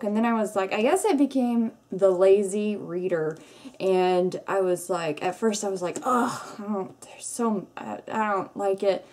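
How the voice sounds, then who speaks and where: A woman chatting casually in her own book-review vlog, rambling and self-deprecating, animated when she tells a story. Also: mid-range voice. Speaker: book vlogger.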